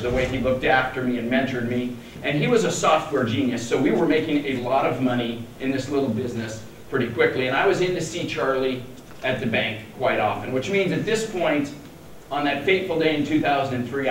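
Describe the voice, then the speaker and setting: A man's voice: medium pitch, a little fast. A man in his forties from Colorado telling a story at a conference in a wry, self-deprecating, joking manner. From Denver, Colorado, USA. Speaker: conference speaker. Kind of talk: humorous keynote storytelling. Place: large conference hall. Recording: echoey hall, distant mic, faint noise.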